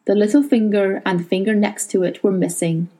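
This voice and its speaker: A woman reading a novel aloud in a steady, measured storytelling voice. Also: mid-range voice, poor audio. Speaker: audiobook narrator.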